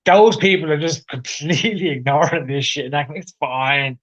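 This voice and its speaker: A man's voice: on the high side, normal speed, faint music behind, low-quality recording. A man co-hosting a casual podcast, ranting opinionatedly and swearing. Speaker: podcast co-host. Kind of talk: casual chat.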